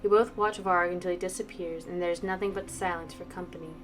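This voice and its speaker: A woman streamer reading a visual novel aloud, brisk narration with playful asides. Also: on the low side, fairly even intonation. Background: faint game music.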